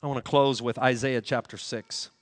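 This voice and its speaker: A man's voice: mid-range voice, steady tone, normal speed. A man preaching a sermon on a handheld microphone, earnestly asking the congregation questions. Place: church hall. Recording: long hall reverb.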